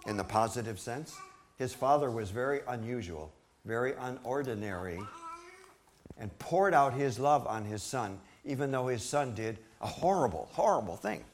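A man's voice: mid-range voice, animated, moderate pace, a little hiss or hum. A man preaching a sermon, reading scripture dramatically and asking the congregation rhetorical questions.

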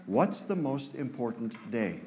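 A pastor preaching an Easter sermon, animated and teasing, talking back and forth with his congregation. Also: medium pitch, unhurried, slight background noise.

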